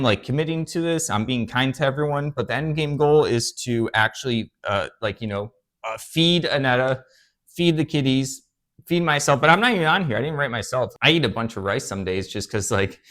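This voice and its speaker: In a mid-range, slightly bright voice, the young channel host, an eBay reseller, rambles earnestly to camera while drawing on a board. His casual explanation of his views is peppered with fillers and restarts.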